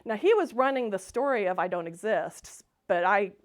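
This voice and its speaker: A woman's voice: medium pitch, normal speed. A woman giving a Sunday talk at a spiritual center, telling personal stories in a bubbly way and laughing often. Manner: bubbly, laughs often, acts out her own excited quotes. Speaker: guest speaker at a spiritual center.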